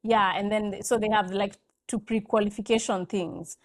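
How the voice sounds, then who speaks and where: A woman's voice: mid-range voice, little pitch movement, normal speed. A woman, a guest in a casual chat, telling anecdotes and acting out what people said. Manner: chatty anecdotal storytelling, acting out quoted lines.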